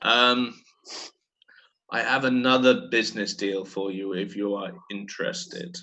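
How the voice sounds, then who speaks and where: A man voicing a pompous, lounging male Hutt crime lord with a slow, grand delivery and a booming laugh. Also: fairly even intonation, sharp tone, highs cut off, slight background noise.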